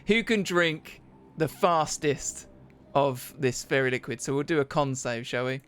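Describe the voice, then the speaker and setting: Brief: male game master, fairly high voice, rambling and hesitant. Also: slow, fairly bright tone, a little hiss or hum. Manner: rambling, hesitant, laughs often. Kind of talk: narrating a tabletop game.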